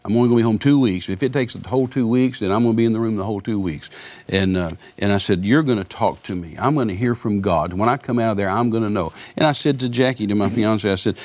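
Speaking fast in a fairly low, slightly mellow voice, a former missionary in his seventies shares his personal testimony as a guest on a Christian interview. He is earnest in his storytelling, repeating points and performing the lines of the people he quotes.

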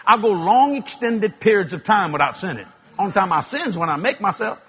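Man, preacher, high voice, animated, folksy, shouting bursts, muffled recording. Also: fairly quick. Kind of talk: sermon with comic storytelling.

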